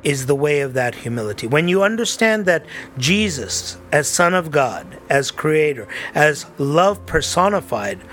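Priest preaching, slightly high voice. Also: male voice, very animated, unhurried, a bit bright, faint music behind. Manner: conversational preaching, reads a story aloud. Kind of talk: sermon.

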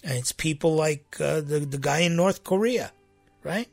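A man's voice: a little high, moderate pace, gravelly, faint music behind. A man who is a church priest, giving a conversational sermon to his congregation, rambling and repeating himself with rhetorical "right?" asides.

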